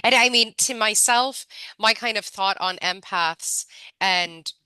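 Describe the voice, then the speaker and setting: A woman's voice: mid-range voice, slow pace, bright, forceful tone, clean tone, dry recording, rough recording. A woman hosting an interview podcast, listening, affirming and reflecting on the guest's experiences. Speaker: podcast host. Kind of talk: casual interview conversation.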